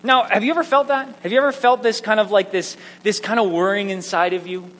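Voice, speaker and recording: A man preaching a sermon, telling personal stories in an animated, self-mocking way. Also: sits high, a little fast. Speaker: pastor. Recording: echoey hall with faint hum.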